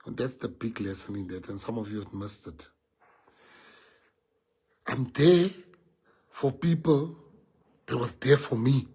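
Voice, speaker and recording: A man's voice: mid-range voice, expressive, normal speed, darkish tone, breathy edge. A man with a South African accent, a party leader giving a heartfelt speech to his members, earnest and repeating key phrases for emphasis.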